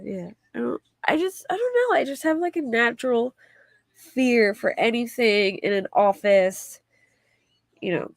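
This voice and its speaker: A woman's voice: mid-range voice, vocal fry, no echo. A woman hosting a casual livestream, chatting in a rambling way and reading viewer comments aloud. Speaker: livestream host.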